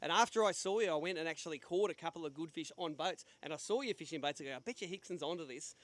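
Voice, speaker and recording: Man, high voice, upbeat event host, chatty banter, outdoor weigh-in. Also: fast talker, a bit bright, no echo. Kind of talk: live event hosting and quick interviews. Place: outdoor weigh-in stage at a sailing club.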